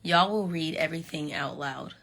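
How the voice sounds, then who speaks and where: Young woman on a live stream, sassy, bit husky, lowish voice, chatting w fans. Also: normal speed. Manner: animated, sassy, talks straight to viewers. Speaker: reality show contestant on a live stream. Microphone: phone.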